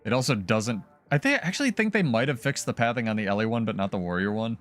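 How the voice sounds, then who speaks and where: A man's voice: mid-range voice, expressive, quick pace, fairly bright tone, soft background music. A man streaming gameplay and chatting casually, with laughing, swearing banter. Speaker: game streamer.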